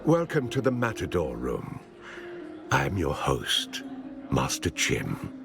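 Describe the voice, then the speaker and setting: An actor playing a stern male bar host in a video game, speaking slowly and gravelly with dry menace. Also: rumbling low, huge pitch swings, full character voice. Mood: dryly menacing. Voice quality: gravelly, slow and measured. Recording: game audio under music.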